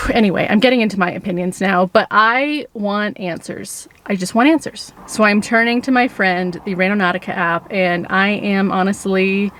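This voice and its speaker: A woman's voice: mid-range voice, normal speed, hardly any pauses, a bit bright. Earnest woman vlogging from her car. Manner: earnest, talks in restarts and asides. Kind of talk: casual vlog narration. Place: in a car in the mountains.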